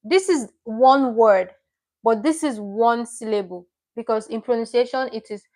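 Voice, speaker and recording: A woman's voice: a little high, measured pace, a little mellow. A woman teaching a livestream lesson, explaining patiently step by step and repeating each word she teaches. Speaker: Korean language teacher.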